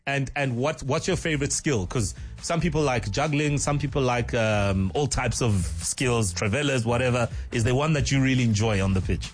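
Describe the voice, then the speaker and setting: A man's voice: medium pitch, moderate pace, hardly any pauses, soft background music. A South African man interviewing a child, enthusiastic and laughing often.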